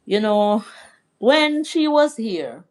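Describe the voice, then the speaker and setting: A middle-aged Jamaican woman, her voice sitting a little high for a woman. She speaks at an unhurried pace in a casual live stream, telling a family story and answering viewers' comments. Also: very animated, a little mellow. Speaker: livestream host.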